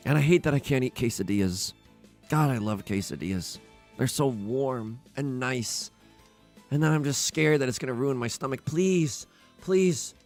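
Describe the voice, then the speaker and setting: A man's voice: medium pitch, animated, normal speed, a little mellow, soft background music. A man streaming a tile game, joking and pleading dramatically as he plays. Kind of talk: casual livestream commentary.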